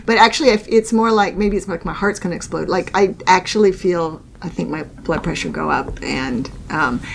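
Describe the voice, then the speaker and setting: A woman's voice: lowish voice, brisk, vocal fry, a little hiss or hum. A woman co-hosting a podcast, chatting casually, laughing often and restarting her sentences. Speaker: podcast co-host. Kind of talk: casual chat.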